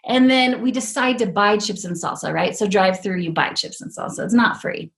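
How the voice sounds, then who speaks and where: A middle-aged woman hosting a podcast, telling a casual story in a lively way and acting out the voices of the people she quotes. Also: mid-range voice, normal speed, gravelly. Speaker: podcast host.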